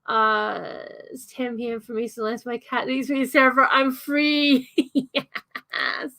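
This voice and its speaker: A young Scottish woman hosts a relaxed livestream, chatting and answering comments as she goes. Her voice sits a little on the high side. She rambles freely, full of ums, asides and little laughs. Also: measured pace. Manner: chatty, giggly, lots of fillers and asides. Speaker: livestream host. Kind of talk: casual livestream chat, reading comments.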